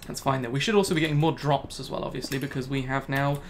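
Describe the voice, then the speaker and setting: Male gamer, casual commentary, exasperated self-talk, average pitch, faint typing. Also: fairly even intonation, fast talker, a little hiss or hum. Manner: self-talking, exasperated, laughs at himself. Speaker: gaming YouTuber. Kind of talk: casual Let's Play commentary.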